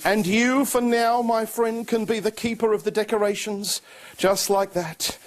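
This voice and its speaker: A man's voice: high voice, fairly even intonation, a little slow, background noise. A man performing a children's magic show, coaxing a young volunteer with playful, mock-confused patter.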